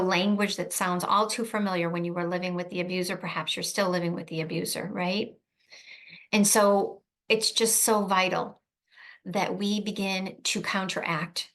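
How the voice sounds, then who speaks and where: A woman's voice: lowish voice, a bit bright. Earnest woman coaching parents. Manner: earnest, emphatic, repeats key phrases, frequent "right?". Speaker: trauma coach speaking to protective parents. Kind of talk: advice talk to camera.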